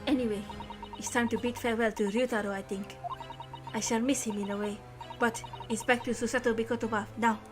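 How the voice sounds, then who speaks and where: A woman voicing a gentle, formal young woman from a game, speaking softly and earnestly. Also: on the high side, fairly even intonation, brisk, over music, lightly acted. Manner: soft and earnest.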